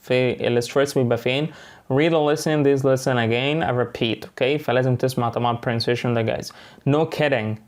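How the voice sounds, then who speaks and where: A man's voice: medium pitch, fairly even intonation, very fast. A man with an Egyptian accent teaching an online English lesson, switching between English and Arabic and often checking in with "okay" and "right".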